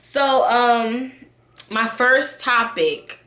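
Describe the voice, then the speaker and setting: Chatty New woman vlogger, bright tone, roomy echo; candid, talks straight to viewers. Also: fairly high pitch, drawn-out words. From New York. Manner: chatty, candid, lots of fillers, addresses viewers directly. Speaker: YouTube vlogger. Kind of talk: casual chat to camera. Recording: echoey room.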